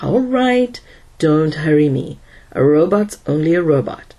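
Woman voicing a dry male engineer, lowered voice, grim and steady, husky. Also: unhurried, full character voice. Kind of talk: audiobook character voice.

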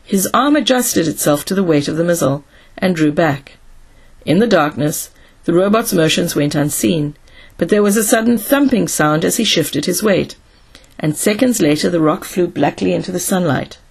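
A woman narrating a science fiction audiobook with steady storytelling. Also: fairly low pitch, moderate pace, creaky, slightly rough.

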